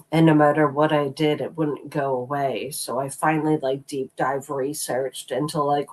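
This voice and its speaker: Slow, tearful live-stream co-host. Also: mid-range voice, rough recording. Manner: halting, hesitant, trailing off. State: crying. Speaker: livestream co-host. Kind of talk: casual live-stream chat.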